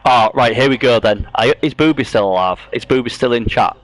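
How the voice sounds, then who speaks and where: A man's voice: mid-range voice, brisk, no echo. A man hosting a casual livestream chat, jokey and sweary, often breaking into giggles. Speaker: talk show host.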